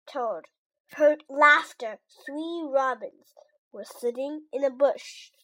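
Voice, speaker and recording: Slow, bright-voiced woman reading a storybook. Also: high-pitched. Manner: slow, clear and deliberate. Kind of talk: children's storybook read-aloud.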